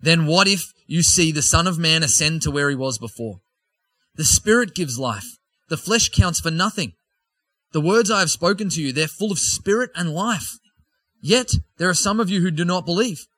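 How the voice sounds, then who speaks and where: A man's voice: fairly high pitch, animated, normal speed, fairly bright tone, dry recording, pitched above the performer's own voice. A preacher reading aloud the words of Jesus as a man teaching a crowd with authority, in a raised, emphatic delivery.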